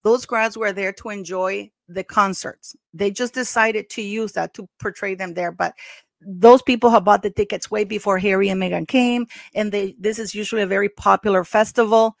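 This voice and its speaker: A woman's voice: mid-range voice, steady tone, moderate pace, gravelly, dry recording. A middle-aged woman hosting a commentary vlog, talking bluntly and scornfully straight to her viewers. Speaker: commentary channel host.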